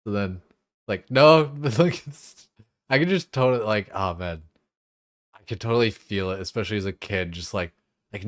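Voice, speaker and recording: Young male streamer, lowish voice, dry close sound, loose profane banter. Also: normal speed, fairly bright tone, dry recording. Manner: loose, profane, chatty, laughs often. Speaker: game streamer. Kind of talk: casual live-stream chat.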